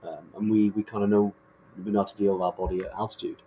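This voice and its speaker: Lower-pitched man, chatty podcast co-host. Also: level tone, fast, mellow, slight background noise. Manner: enthusiastic, rambling with many restarts. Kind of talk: casual chat.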